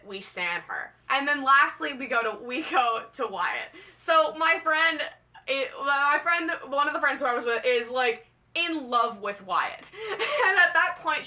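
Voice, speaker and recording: A young woman telling a casual storytime, bubbly and excitable, gushing in slangy fan talk. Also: on the high side. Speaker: vlogger.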